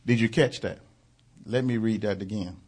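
A man preaching a sermon, dramatizing the story with loud surges and quiet asides, with frequent halting fillers. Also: on the low side, husky. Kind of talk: fervent sermon.

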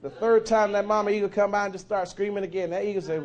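A man preaching a sermon, telling a story with fervor and swelling to shouts. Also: high voice, little pitch movement, rapid-fire, hardly any pauses.

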